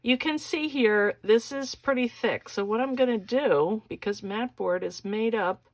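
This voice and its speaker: A woman's voice: a little high, unhurried, no room sound. A woman hosting a casual crafting tutorial, walking through each step in a chatty way and often checking in with "okay?".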